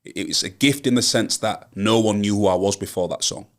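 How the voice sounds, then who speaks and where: A man's voice: on the low side, a little fast. A young man with a Yorkshire accent, a rapper from Hull, talking earnestly and emphatically in a casual interview. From Hull, Yorkshire, England. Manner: earnest, emphatic, builds to rallying advice. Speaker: rapper, guest.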